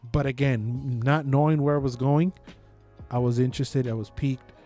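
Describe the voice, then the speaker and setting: In a relaxed podcast chat, a male co-host talks at a normal pace in a medium-pitched voice with soft music underneath. He curses freely and drives his points home with animated emphasis.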